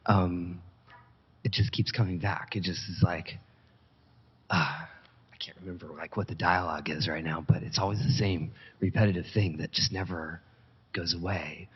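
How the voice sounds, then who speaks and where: A man, a student at a talk, asking a question hesitantly and haltingly. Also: low voice, steady tone, husky. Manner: hesitant, halting, many fillers and restarts. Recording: dull recording in a long-echoing hall.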